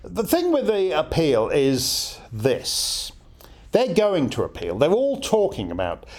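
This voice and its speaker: A man's voice: fairly high pitch, huge pitch swings, takes it slowly, a little mellow. A middle-aged man hosting a casual listener Q&A, wry and digressive with chuckling asides. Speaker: podcast host answering listener questions. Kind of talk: casual Q&A chat.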